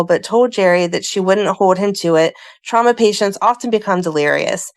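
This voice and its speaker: A woman co-hosting a fan podcast, reading plot summaries in a casual chatty way and breaking off into asides. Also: mid-range voice. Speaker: podcast co-host. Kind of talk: casual chat and recapping a soap plot.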